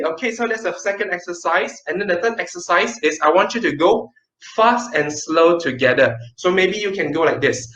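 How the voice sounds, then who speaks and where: Energetic male kids' teacher, emphatic and animated, echoey room, lo-fi online audio. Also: high-pitched. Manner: lively and emphatic, swings between fast and slow. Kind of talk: online class for kids. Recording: roomy, dull online class audio.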